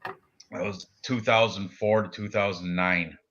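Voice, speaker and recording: A man's voice: low-pitched, fairly even intonation, a little slow, fairly bright tone, muffled recording, slight background noise. A man in his forties chatting casually about fight picks as a podcast co-host, joking and laughing often. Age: 40s. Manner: joking, laughs often, does silly voices.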